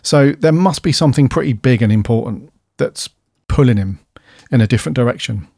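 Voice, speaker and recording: A man's voice: mid-range voice, brisk, vocal fry, mellow, breathy edge, no echo, studio quality. Musing man on a podcast. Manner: musing, hedging, rambling questions. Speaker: podcast co-host. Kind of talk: casual chat. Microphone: studio dynamic mic.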